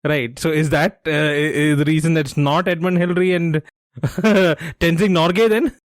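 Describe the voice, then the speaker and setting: A man co-hosting a trivia podcast, chatty and quick to laugh, who thinks out loud with many restarts. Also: on the high side, fairly even intonation, no room sound, studio quality. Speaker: quiz podcast co-host. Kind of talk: casual quiz podcast chat.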